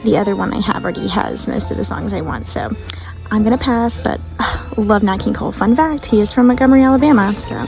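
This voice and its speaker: A woman's voice: mid-range voice, fast, vocal fry, music in the background. A young woman, chatting enthusiastically to camera as a vlogger. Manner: chatty and enthusiastic, gushing over finds. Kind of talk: casual vlog chat.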